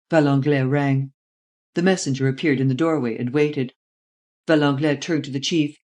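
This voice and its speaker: An audiobook reader giving scripted narration in a plain, steady storytelling manner. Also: medium pitch, normal speed.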